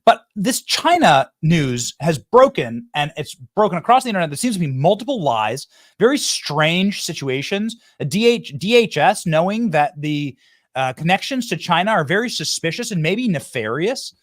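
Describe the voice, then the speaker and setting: A man hosting a live political show, joking with his crew and interviewing a guest in a lively, teasing way. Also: on the high side, moderate pace, no echo, clean studio sound. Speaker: host.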